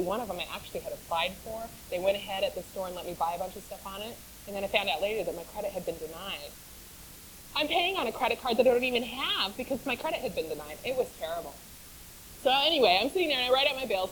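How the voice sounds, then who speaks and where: A woman's voice: medium pitch, fairly bright tone, a little hiss or hum, poor audio. Chatty woman telling her faith story. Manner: chatty storyteller, laughs often, repeats for emphasis. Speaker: speaker sharing her testimony. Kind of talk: personal faith testimony.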